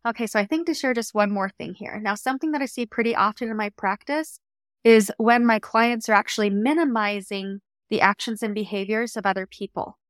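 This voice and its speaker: A young adult woman, a coach hosting a solo podcast, talking in an earnest, reflective and gently encouraging way. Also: a little high, fairly quick, no echo, clean studio sound.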